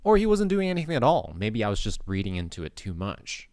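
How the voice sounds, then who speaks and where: Brief: deep, lively-pitched man, rambling casual vlog talk, dry close sound. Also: quick pace, no echo. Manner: rambling, hesitant, many fillers. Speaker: vlogger. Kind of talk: casual monologue.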